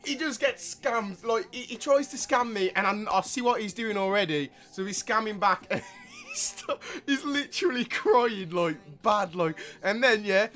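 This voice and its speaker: A man's voice: high voice, big pitch swings, moderate pace, few pauses, sharp tone, faint music behind. A young man hosting a gaming channel, giving a rambling, slangy, hyped intro. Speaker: YouTube gaming host. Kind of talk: casual video intro.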